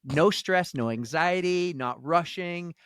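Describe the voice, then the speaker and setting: A man's voice: on the high side, slow, clean tone, no room sound, clean studio sound. A man co-hosting a podcast, telling a long story in a casual chat and acting out the voices of the people in it. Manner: animated storyteller, acts out quoted voices. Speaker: podcast co-host.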